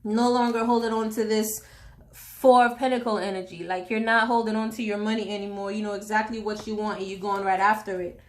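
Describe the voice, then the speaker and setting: A woman's voice: mid-range voice, little pitch movement, brisk. A woman from Haiti giving a casual tarot reading, slangy and chatty with jokey asides. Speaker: tarot reader.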